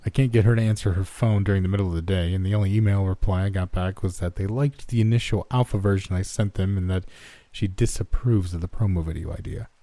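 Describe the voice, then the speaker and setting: A man plays a defeated studio boss with a flat, weary delivery. The voice is deep and very dark, close and dry. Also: fast, few pauses, no room sound, close to an everyday voice. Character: tired male boss at a game studio, defeated.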